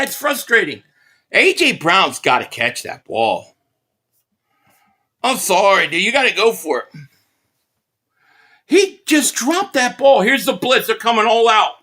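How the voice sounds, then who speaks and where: Philly guy doing a hyped live game reaction stream, high bright voice, yelling at the plays. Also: unhurried. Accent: Philadelphia. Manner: excitable fan commentary, reading out super chats.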